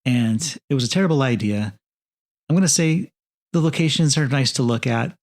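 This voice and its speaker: A man co-hosts a casual film review podcast, offering dry, wry remarks. His voice sits at an average pitch for a man and carries a gravelly fry. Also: animated, moderate pace. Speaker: podcast co-host.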